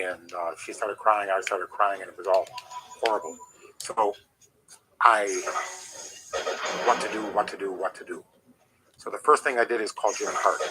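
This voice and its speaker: A middle-aged man, a former wrestler, telling rambling, animated stories as an interview guest. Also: fairly low pitch, poor audio. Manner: rambling, animated anecdotes with restarts. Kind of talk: casual storytelling.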